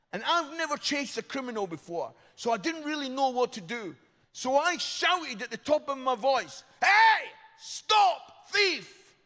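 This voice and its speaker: Man, comic storyteller in a church hall, animated with shouted punchlines, slightly high voice, long hall echo. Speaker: guest comedian speaker. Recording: echoey hall reverb.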